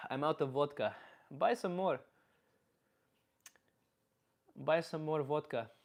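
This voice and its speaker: A man's voice: fairly high pitch, a little slow, gravelly. A man putting on a blunt Slavic uncle, thick Russian accent. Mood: deadpan. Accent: put-on Russian accent. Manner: blunt, deadpan, reading chat aloud. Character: blunt older Slavic uncle, gruff, crude, deadpan. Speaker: comedian streaming live. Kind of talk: live stream character comedy.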